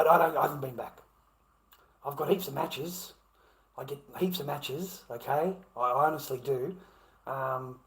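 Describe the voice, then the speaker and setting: A man's voice: mid-range voice, creaky, a bit bright, poor audio. A middle-aged Australian man chatting on a live stream, blunt and profane, often stammering and restarting his sentences. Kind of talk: casual live-stream chat.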